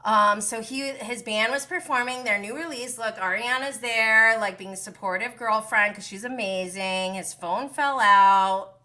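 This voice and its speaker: A woman hosts a casual live-stream gossip recap, talking fast and freely. Her voice is bright and sharp. She is animated and sarcastic, with exasperated asides throughout. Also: on the high side.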